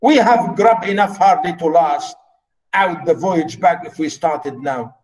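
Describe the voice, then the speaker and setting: A man's voice: a little high, expressive, measured pace, a little mellow, echoey room, distant mic, low-quality recording. A man with Arabic as his first language reading aloud the lines of an angry, weary male ship's steward, raising his voice in complaint.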